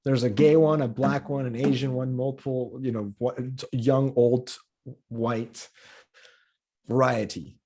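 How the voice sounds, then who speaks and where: A man's voice: mid-range voice, steady tone, a little slow, warm tone. A man from Colombia who grew up in the U.S., speaking as a comedian guest on a podcast in casual conversation. He talks with passion and repeats words as he builds a point.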